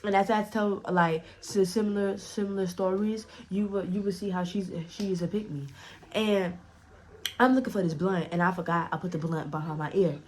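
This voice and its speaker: A young woman vlogger telling a casual story time, profane and animated, often repeating herself. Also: mid-range voice, moderate pace, slight background noise.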